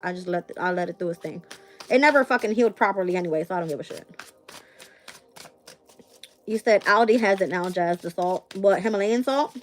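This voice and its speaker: A woman's voice: fairly low pitch, a little fast, long pauses, a little hiss or hum. A young woman hosting a casual live stream and reading tarot cards, blunt and profane, with frequent laughs.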